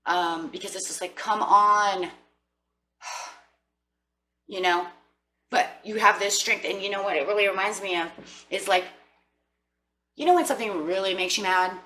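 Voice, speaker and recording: On a poor-quality recording with slight background noise, a tarot reader with a mid-range voice talks at normal speed and pauses often. Her reading is relaxed and chatty, and she animatedly voices people's inner thoughts for her viewers.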